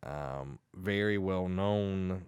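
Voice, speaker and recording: Young man, very deep low voice, casual podcast chat, retells a book, laughs and acts out lines. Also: darkish tone, clean tone, no room sound, studio quality. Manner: laughing, acts out characters' lines in quick bursts. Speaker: podcast co-host.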